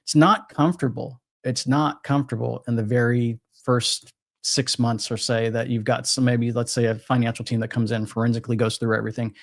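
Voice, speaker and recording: Man, casual crypto chat, rambling, restarts a lot, mid pitch, dry sound. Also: flat delivery, fairly quick, no room sound. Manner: rambling, frequent restarts and self-corrections. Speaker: crypto trader guest.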